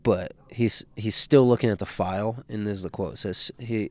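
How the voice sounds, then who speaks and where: A man's voice: fairly low pitch, steady tone, normal speed, hardly any pauses, no echo. A man casually recapping a novel in slangy, laid-back talk, with plenty of fillers. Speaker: book read-through host.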